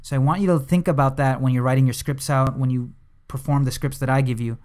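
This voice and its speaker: A man's voice: medium pitch, fast talker. Casual, rambling hypnosis teacher, man. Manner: relaxed, conversational, many fillers and restarts. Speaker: hypnosis instructor. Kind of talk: casual instructional talk to camera.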